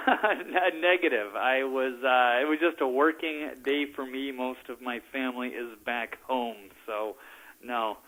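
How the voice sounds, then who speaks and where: A male guest calling in by phone to talk politics. His voice is bright and clear, and he keeps pausing on uh and um and laughing lightly. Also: mid-range voice, rough recording. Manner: hesitant, many fillers, chuckles often. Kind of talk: casual political chat. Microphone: phone call.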